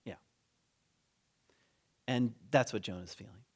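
Here a preacher with a fairly low voice takes his time. His sermon is conversational, told as a lively, funny story in which he acts out what the characters say.

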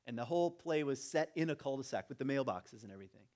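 A man's voice: medium pitch, expressive, fast, a little mellow. A middle-aged man from the United States, a church teacher telling a candid, self-deprecating personal story to a congregation, with many restarts and fillers.

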